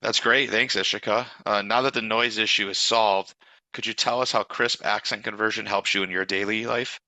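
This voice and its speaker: A man with a low-set voice and a very bright, forceful tone presents a scripted product demo. His delivery is polished and upbeat, and the sound is dry and close. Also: fairly even intonation, normal speed, dry recording, rough recording. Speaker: demo host.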